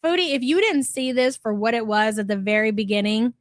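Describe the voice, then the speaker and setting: A woman's voice: a little high, fairly quick, no room sound, clean studio sound. A woman giving exasperated, sarcastic reaction commentary and reading chat aloud. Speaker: commentary YouTuber.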